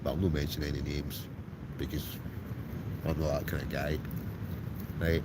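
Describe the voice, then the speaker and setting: Heavy background noise surrounds this extremely low, flat male voice speaking at a moderate pace. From a tent in a stormy night, the Scottish host, who has an Ayrshire accent, reads live comments and responds to viewers by name in a casual chat.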